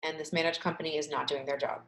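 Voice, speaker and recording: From home, a woman coaches a group webinar through a tapping session on her video call webcam, leading repeated affirmations in an emphatic voice and sighing along. Her voice is deep and fast with flat delivery. The sound is roomy and low quality.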